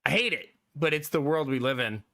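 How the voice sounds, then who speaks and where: A man livestreaming and chatting casually with his viewers, laughing often and teasing, his voice gruff from being sick. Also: on the high side, lively intonation, fairly quick, sharp tone, dry recording, clean studio sound.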